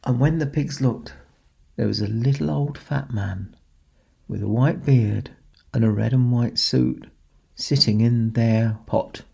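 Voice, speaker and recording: A man telling a bedtime story, gentle and expressive, leaning on long pauses. His pace is slow and unhurried. His voice is gravelly and husky. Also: mid-range voice. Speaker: storyteller in a Santa persona. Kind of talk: children's storytelling.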